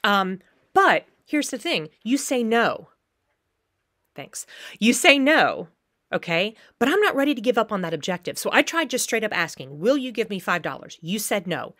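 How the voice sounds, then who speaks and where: A woman's voice: medium pitch, very animated, a little fast, a bit bright, dry recording, clean studio sound. A woman theater teacher giving a recorded lecture on acting, now and then acting out short quoted pleas and threats as examples.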